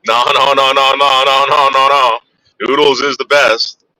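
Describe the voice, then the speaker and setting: A man's voice: mid-range voice, little pitch movement, measured pace, pushed and bright, no room sound, poor audio. A man hosting a casual livestream, chatting with his viewers and teasing them in a rambling way. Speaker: livestream host.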